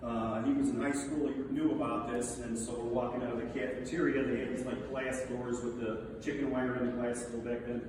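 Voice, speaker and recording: In a vast, echoing hall, a middle-aged man with a mid-range voice regales the crowd with stories of a friend, animated and quick to laugh. He's recorded from a distance, with steady background noise underneath.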